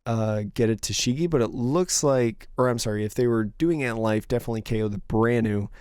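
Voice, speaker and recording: A young man is slightly losing his voice as he gives casual, solo stream commentary on a card game match, thinking aloud about what each player could do. He talks fairly quickly in a mid-range, slightly mellow, clean voice that sounds a little worn, recorded dry at studio quality.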